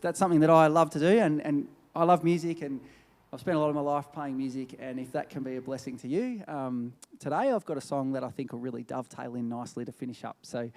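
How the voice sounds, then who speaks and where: Middle-aged man, church speaker, lively storyteller, slightly high voice, dry close sound. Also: no echo. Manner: animated storyteller, acts out quoted people. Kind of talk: sermon storytelling.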